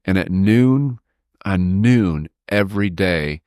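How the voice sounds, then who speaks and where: A man co-hosting a podcast, telling a personal story with halting pauses and acting out quoted people in a higher voice. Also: dry recording, studio quality. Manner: halting, stops to steady himself when emotional; acts out quoted people with raised pitch. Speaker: podcast co-host.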